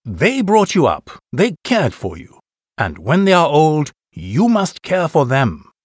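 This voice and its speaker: Man voicing an earnest tribal chief, raised pitch, emphatic exclamations, dry close sound. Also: wildly swooping pitch, slow, breathy edge, no room sound, heavily acted. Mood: stern.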